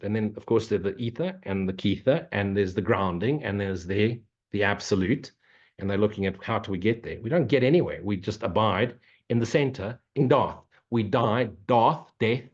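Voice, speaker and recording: Husky blunt spiritual teacher, man. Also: lowish voice, darkish tone, dull audio. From Africa. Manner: blunt, swearing, mocking; repetitive, preachy. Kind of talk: non-dual Q&A talk.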